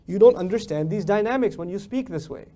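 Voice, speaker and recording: Animated high-voiced male lecturer. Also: quick pace. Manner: animated, rhetorical questions, acts out mock dialogues. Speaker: lecturer on the Quran. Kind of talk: Islamic lecture.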